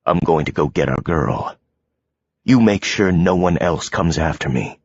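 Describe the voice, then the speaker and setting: A man voicing a protective young male hero who speaks low, steady and resolute. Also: unhurried, husky, muffled recording, heavily acted.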